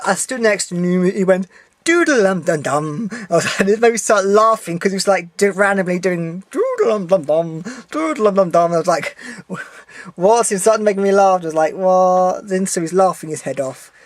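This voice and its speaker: A young man talking to camera in a casual vlog from a room at home. He rambles on in an animated way, trips over his words and restarts often. He swears freely when he gets worked up. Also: high voice, no room sound. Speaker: vlogger.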